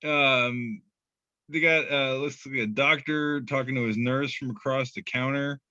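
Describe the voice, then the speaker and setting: A man co-hosting a laid-back podcast, swearing freely and cracking up at his own punchlines. His voice is very bright and forward. It sits close and dry on a muffled, lo-fi recording. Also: mid-range voice, fairly even intonation, a little slow, no echo. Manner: loose and profane, laughs easily. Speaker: podcast co-host. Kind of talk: casual chat reading memes aloud.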